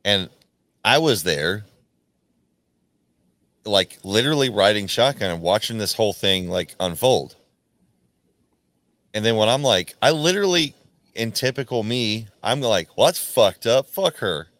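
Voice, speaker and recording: Male podcast host, low voice, dry close sound. Profane, rambling storyteller who restarts a lot and acts out the dialogue. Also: expressive, unhurried, long pauses, fairly bright tone, no room sound. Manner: acts out quoted lines with sudden jumps in pitch. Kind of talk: casual storytelling chat.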